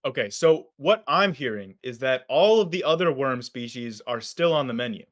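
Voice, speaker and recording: A man chatting as a guest on a live stream, halting and full of "like" and quick laughs. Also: mid-range voice, animated. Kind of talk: casual chat on a live stream.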